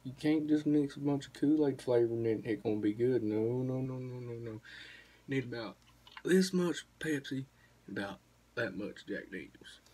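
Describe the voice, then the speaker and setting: A man's voice: medium pitch, expressive, moderate pace, mellow, slightly rough. A young man, telling a rambling, profane story to the camera in a casual vlog. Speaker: vlogger.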